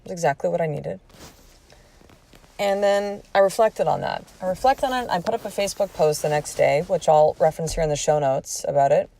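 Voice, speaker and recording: A woman's voice: fairly low pitch, lively intonation, brisk, gravelly, warm tone. A woman in her forties hosting a podcast, telling a personal story in a candid, emphatic way and swearing freely. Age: 40s. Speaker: podcast host.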